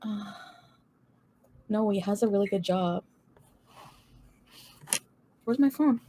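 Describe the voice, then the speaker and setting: A woman's voice: medium pitch, takes it slowly, warm tone, slight background noise. A woman from Canada gossiping on a livestream, chatty and giggly, cursing casually as she rambles.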